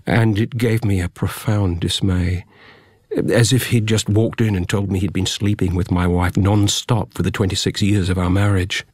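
Husky low-voiced man narrating. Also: darkish tone, no room sound. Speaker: audiobook narrator. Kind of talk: first-person audiobook narration.

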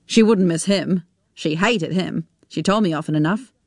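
A woman narrating a dramatic story in a measured, steady reading. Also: on the low side, no room sound, clean studio sound.

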